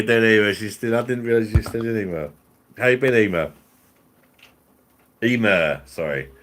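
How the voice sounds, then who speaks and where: A man's voice: lowish voice, fairly bright tone, slight background noise. A man hosting a live stream, chatting casually with viewers in jokey banter and laughing often.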